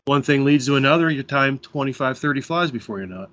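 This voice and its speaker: A man's voice: medium pitch, lively intonation, fast talker, fairly bright tone. An American man from Pennsylvania, a fishing guide and fly tyer, chatting easily as a podcast guest over a remote call. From Pennsylvania, USA. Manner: easygoing, rambling explanations. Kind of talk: casual interview chat.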